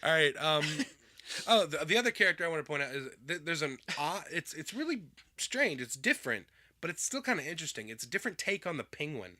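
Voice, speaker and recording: A man with a bright, forward voice talks in loose, easygoing podcast chat. He rambles along with fillers and restarts, laughing easily as he goes. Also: fairly high pitch, sing-song, fast. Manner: laughs often. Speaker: podcast co-host. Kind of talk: casual chat.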